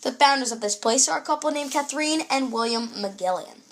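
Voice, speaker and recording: A woman's voice: high-pitched, a little fast, a bit bright. A young woman presenting a scripted food show in an upbeat, read-aloud presenter tone.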